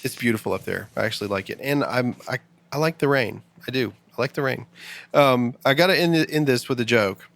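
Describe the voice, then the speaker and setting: A man hosting a podcast in casual chat, rambling and quick as he tells jokes. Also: mid-range voice, vocal fry, fairly bright tone, no echo. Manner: rambling, quick joke-telling. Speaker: podcast host. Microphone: studio mic.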